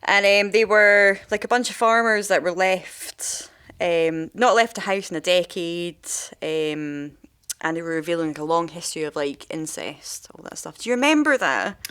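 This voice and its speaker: A woman's voice: lowish voice, normal speed, fairly bright tone, clear, resonant tone. A woman, a makeup artist co-hosting a podcast, telling stories in casual, rambling, sweary chat. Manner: rambling, sweary storytelling with many fillers.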